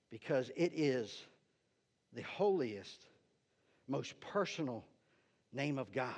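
This is a man preaching, a pastor whose fairly high voice carries a darkish tone. He teaches conversationally, keeps tossing in "right?", and talks to the slide operator between points, all captured in dull lo-fi sound.

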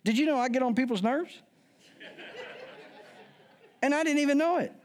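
A man's voice: very high voice, normal speed, some chatter behind. A middle-aged man preaching a sermon as a pastor, joking and acting out voices as he goes. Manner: lively, joking, acts out quoted voices.

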